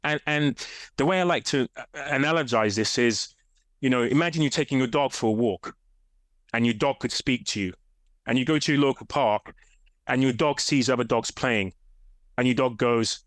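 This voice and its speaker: Man, fitness coach guest, lively storyteller, dry close mic. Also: medium pitch, normal speed, no room sound. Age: adult. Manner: animated storyteller, acts out voices in quotes. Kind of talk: casual interview talk.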